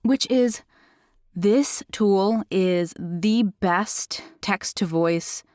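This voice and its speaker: A woman who works as an audiobook narrator, hosting a casual software tutorial in a chatty, enthusiastic way. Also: mid-range voice, very slow, dry recording, clean studio sound. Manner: chatty and enthusiastic, self-described critical listener.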